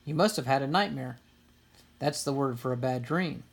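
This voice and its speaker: A woman's voice: extremely low pitch, moderate pace, creaky, husky, exaggerated voice. A woman voicing a kindly, reassuring father bear in a storybook reading.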